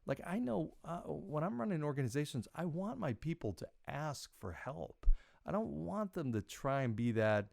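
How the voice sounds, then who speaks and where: A middle-aged man hosting a podcast, telling a personal story in a casual, animated way and quoting himself with big jumps in pitch. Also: normal speed, creaky, dry recording, studio quality. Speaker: podcast host.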